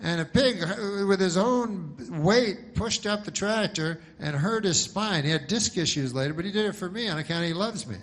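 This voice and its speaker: A man's voice: high voice, moderate pace, few pauses, a bit bright, pitched above the performer's own voice. A man voicing a proud, folksy farmer earnestly bragging about his pig. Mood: boastful.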